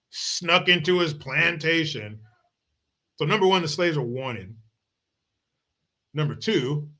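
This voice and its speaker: A man's voice: a little high, pushed and bright. A man hosting a commentary podcast, ranting in a blunt, mocking way with plenty of profanity. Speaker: podcast host. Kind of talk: political commentary rant.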